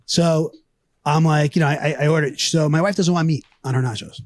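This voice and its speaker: A man's voice: fairly high pitch, a little fast, no room sound. A man co-hosting a casual podcast, telling stories with energy, swearing and acting out quotes. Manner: animated storyteller, swearing, acts out quotes. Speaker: podcast co-host. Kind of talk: casual chat, storytelling.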